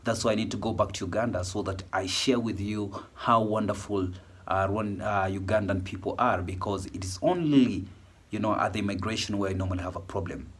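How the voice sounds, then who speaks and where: Guy vlogging with a cold, low husky voice, rambles and chats. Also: brisk. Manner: rambling, chatty, with many fillers. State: has a cold, voice worn. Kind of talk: casual chat to camera.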